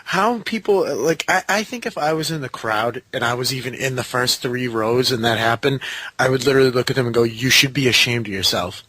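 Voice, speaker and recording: A man's voice: medium pitch, brisk, fairly bright tone, no room sound. A man co-hosting a casual wrestling review, incredulous and profane, riffing on hypotheticals. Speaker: podcast co-host.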